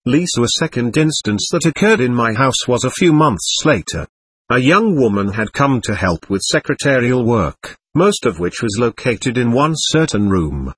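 A man reads an audiobook in a measured, earnest way. His voice is somewhat husky, with a lively rise and fall, recorded dry and close. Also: mid-range voice, dry recording. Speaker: audiobook narrator. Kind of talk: audiobook narration.

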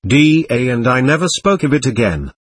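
Casting: a male audiobook narrator, husky, lively pitch, earnest memoir reading. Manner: earnest, measured storytelling.

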